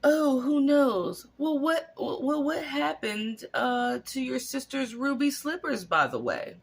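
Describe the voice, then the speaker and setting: A gushing, falsely sweet good witch, pitched far up and stretched slow, as a speaker puts her on in a monologue. The sweetness sits over a gravelly, husky edge. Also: very animated, heavily acted. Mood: fake sweet. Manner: gushing, high and drawn out. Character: sugary fake-sweet good witch, female.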